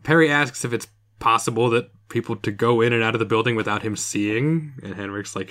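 A man's voice: medium pitch, brisk, hardly any pauses, a bit bright. Guy cohosting a podcast, joking through a tv recap, laughing along. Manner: jokey, laughs often, slips into impressions. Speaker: podcast co-host. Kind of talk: casual chat, episode recap.

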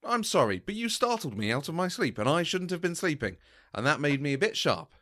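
A man's voice: a little high, sing-song, brisk, a bit bright. A man reading as a homely loyal hobbit. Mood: earnest. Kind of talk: fan voice reading.

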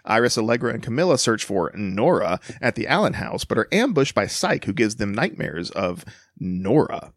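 A man's voice: medium pitch, brisk, few pauses, no echo, clean studio sound. Playful male podcast co-host. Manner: playful, laughing, expressive inflections. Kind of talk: casual chat, reading an episode summary.

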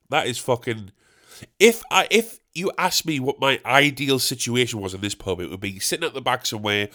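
A man's voice: medium pitch, a bit bright. A man hosting a podcast, telling a rambling comic story with lots of swearing and questions he asks himself, then answers. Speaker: podcast host.

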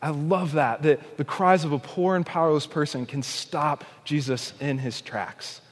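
A man preaching a sermon, dramatically acting out shouted cries and slowing to a hush on key points. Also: a little high, long reverb tail. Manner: slows and softens on key points. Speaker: pastor.

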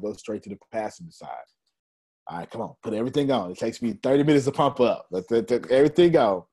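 A man's voice: medium pitch, fast, breathy edge. A man giving a motivational talk, telling a story with laughs and speaking straight to his audience. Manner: animated, laughing storyteller addressing the crowd.

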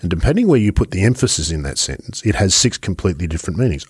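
A man's voice: low-pitched, sing-song, rapid-fire, hardly any pauses, slightly rough, no echo, studio quality. A man hosting an interview, chatty and asking long, winding questions. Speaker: host. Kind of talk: podcast interview.

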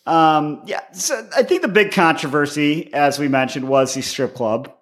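Male podcast co-host, lively pitch, dry self-deprecating humor. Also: moderate pace. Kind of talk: casual chat.

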